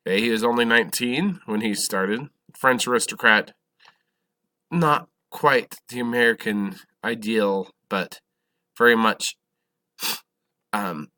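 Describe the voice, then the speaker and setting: Male history teacher, lecture, low-pitched, slow and halting, bright tone. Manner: halting, self-correcting, asks questions of the class. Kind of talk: classroom lecture.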